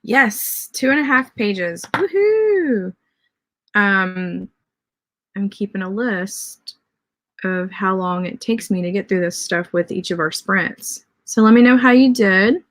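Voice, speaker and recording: A woman's voice: mid-range voice, slow. A woman with a Southern accent hosting a casual livestream writing sprint and cheering on viewers' word counts. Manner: chatty, cheers readers' comments. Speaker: livestream host.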